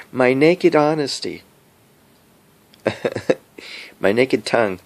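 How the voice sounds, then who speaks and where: A man's voice: medium pitch, expressive, drawn-out words, creaky. A middle-aged man rambling to his phone camera, giggling often as he talks. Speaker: vlogger. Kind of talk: rambling casual monologue to camera. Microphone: cell phone camera.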